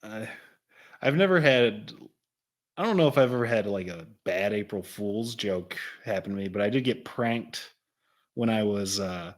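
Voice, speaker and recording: A man co-hosting a podcast, telling a story in a casual, animated way and laughing as he goes. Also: on the low side, moderate pace. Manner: animated, laughs through his stories. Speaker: podcast co-host.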